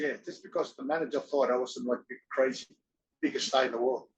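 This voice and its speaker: A man's voice: mid-range voice, fairly even intonation, quick pace, slight background noise, rough recording. A middle-aged man from Australia, an interview guest telling rambling anecdotes, laughing and acting out other people's lines.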